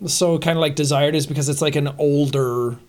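A young man from Ireland with a Midlands Irish accent gone partly American, co-hosting a casual podcast chat, joking and swearing in quick asides. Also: on the high side, fairly even intonation, darkish tone, a little hiss or hum. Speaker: podcast co-host.

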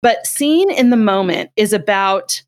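A middle-aged woman who works as a parenting expert speaks at a measured pace in a medium pitch. She explains things conversationally and tells animated stories, acting out the quotes as she goes.

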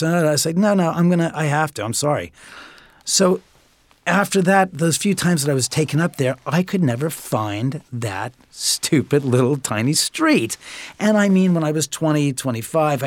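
A man's voice: a little high, no echo. A man in his fifties from Los Angeles, a guest telling a long story and acting out the voices in it. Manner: chatty storyteller who acts out quotes. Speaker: interview guest.

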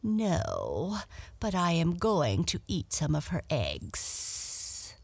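A woman reading a storybook aloud and voicing a calm, matter-of-fact male snake, slow and partly whispered. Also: lowish voice, gravelly, breathy edge, no room sound, heavily acted.

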